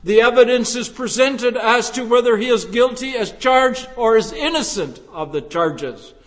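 A man preaching a sermon slowly and deliberately, building to emphatic rises. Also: extremely high pitch, expressive, fairly bright tone. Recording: long reverb of a large hall.

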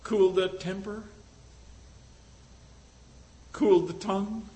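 A man preaching a sermon, swinging between loud exhortation and hushed questions. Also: high voice, fairly even intonation, fairly quick, rough recording.

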